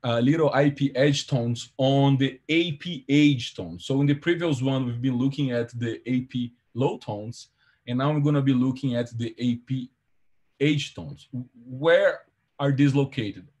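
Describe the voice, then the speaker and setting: Husky-voiced man giving a halting seminar talk. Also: mid-range voice, darkish tone. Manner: careful, halting explanation with frequent fillers and self-corrections. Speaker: seminar presenter.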